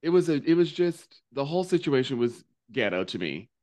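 A man co-hosting a podcast, recapping in casual chat with animated, profane, gossipy storytelling. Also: mid-range voice, brisk. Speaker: podcast co-host.

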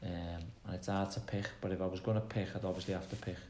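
A man's voice: low voice, little pitch movement, fast talker, darkish tone, roomy sound, a little hiss or hum. A man with a Liverpool accent, a football manager chatting casually as a guest, giving rambling answers. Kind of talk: casual interview chat.

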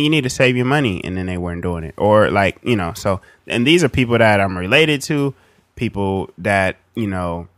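A man's voice: deep voice, dry recording, clean studio sound. A man co-hosting a podcast, talking in a reflective, rambling way with many ums. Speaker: podcast co-host. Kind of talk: casual chat.

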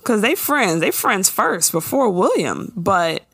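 A woman's voice: mid-range voice, sing-song, takes it slowly, fairly bright tone, breathy edge, no echo. A woman co-hosting a casual chat show, steering the talk and recapping an episode in a chatty, laughing way. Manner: chatty, laughing, leads the segments. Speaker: podcast co-host.

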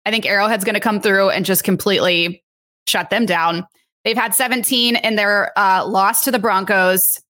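A woman's voice: medium pitch, fairly even intonation, moderate pace, pushed and bright. A woman hosting a sports podcast, leading the chat in an upbeat, optimistic way.

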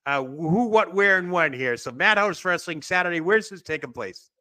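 Boston guy hosting a show, high bright voice, rambles with lots of energy. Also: animated, moderate pace, no echo. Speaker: podcast host. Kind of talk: casual show chat and plugs.

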